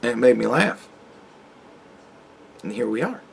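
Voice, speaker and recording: A man's voice: medium pitch, very animated, measured pace, gravelly, a little hiss or hum. A man in his forties, a YouTube commentator ranting sarcastically with heavy profanity straight at the viewer. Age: 40s.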